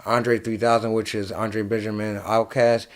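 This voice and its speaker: A young man from New Jersey hosting a casual late-night chat, rambling and animated, swearing freely. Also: on the low side, normal speed. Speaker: host.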